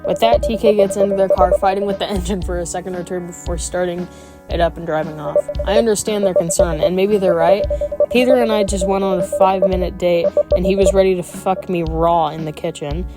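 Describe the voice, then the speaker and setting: A gaming streamer with a lowish voice reads a visual novel aloud at a fairly quick, steady pace, game music playing behind her. She drops in wry, playful asides along the way.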